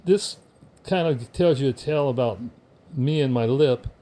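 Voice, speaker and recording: A man's voice: medium pitch, normal speed, dark tone. An older American man, a veteran guest on a podcast, telling casual stories with wry humor and acting out the people he quotes. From United States. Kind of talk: casual storytelling.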